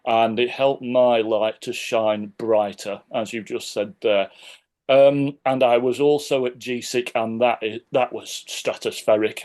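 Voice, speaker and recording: A man's voice: fairly low pitch, darkish tone. Chatty man, cheerful attendee testimonial. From Sheffield, England. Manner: bubbly, superlative-heavy, chatty. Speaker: conference attendee. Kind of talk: casual testimonial.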